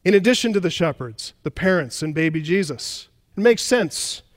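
Male pastor, higher voice, emphatic sermon delivery with rhetorical questions, church hall reverb. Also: lively intonation, normal speed. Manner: emphatic preaching with repeated phrases and rhetorical questions. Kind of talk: expository sermon.

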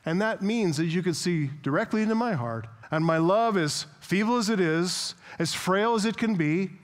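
A man's voice: high-pitched, animated, normal speed. A man preaching an earnest expository sermon as a pastor, reading scripture aloud and explaining it.

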